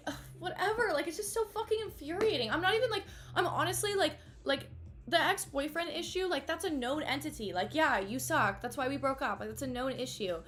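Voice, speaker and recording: A woman's voice: sits high, fairly bright tone. Exasperated young woman venting on stream. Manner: exasperated, rambling, heavy use of "like" and swearing. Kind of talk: casual live-stream venting. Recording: faint music behind.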